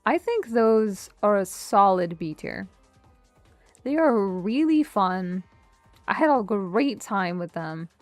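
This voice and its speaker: A woman's voice: medium pitch, expressive, takes it slowly, dry recording, soft background music. A woman streamer chatting casually through a tier list, rambling, cutting herself off mid-word and joking as she reminisces. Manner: rambling, self-interrupting, nostalgic and jokey.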